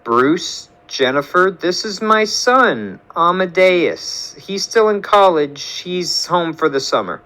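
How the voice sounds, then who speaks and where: A man voicing a calm, caring woman scientist and mother who speaks gently and slowly. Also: sits high, pitched above the performer's own voice, exaggerated voice, rough recording. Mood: explaining.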